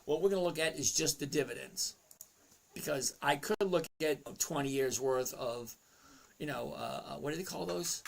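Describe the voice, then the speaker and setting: A man with a gravelly, slightly high voice chats casually on a livestream. He reads out viewers' names and answers them, talking to himself as he checks figures. His delivery is loose and conversational. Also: normal speed. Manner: chatty, reads chat names aloud, talks to himself over charts. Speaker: livestream host answering chat.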